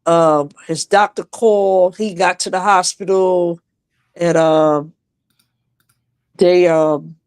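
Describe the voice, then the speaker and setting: Woman telling a painful story haltingly. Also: lowish voice, steady tone, darkish tone, clean tone, dry recording. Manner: halting and emotional, with many restarts. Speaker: guest sharing a personal story. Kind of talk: emotional live-stream conversation. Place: home.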